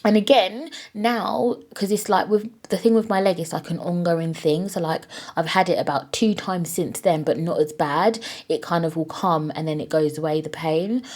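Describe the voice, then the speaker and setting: A woman's voice: lowish voice, moderate pace, few pauses, a little mellow. A woman hosting her own podcast, talking in a candid, casual way with plenty of swearing and fillers. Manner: candid, chatty, swears freely, many fillers. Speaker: podcast host. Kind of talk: casual solo podcast chat. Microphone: own podcast microphone.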